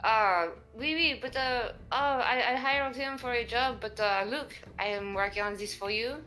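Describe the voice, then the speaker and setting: A woman voicing an earnest female inventor character who slips in French words and explains things carefully and haltingly. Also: on the high side, pushed and bright. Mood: reassuring.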